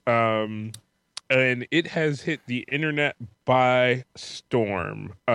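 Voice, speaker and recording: A man co-hosting a podcast, relaxed and a little hesitant as he sets up a story. His pitch is ordinary. The recording is dry and close. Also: dry recording. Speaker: podcast co-host. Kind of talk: casual chat.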